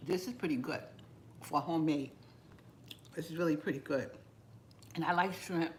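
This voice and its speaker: A woman hosting a home cooking channel, chatting casually with viewers while she eats, relaxed and laughing often. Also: low-pitched, moderate pace, very noisy. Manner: chatty and relaxed, talks between bites and greets viewers by name. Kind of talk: casual live chat while eating.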